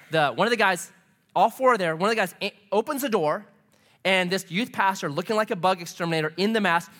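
Animated, high-voiced male preacher. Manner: animated storytelling, lively and conversational. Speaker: pastor. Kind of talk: sermon.

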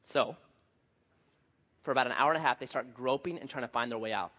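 A man pastor preaching a sermon, telling a story with lively swings from hushed to loud. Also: medium pitch, brisk. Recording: dull lo-fi sound.

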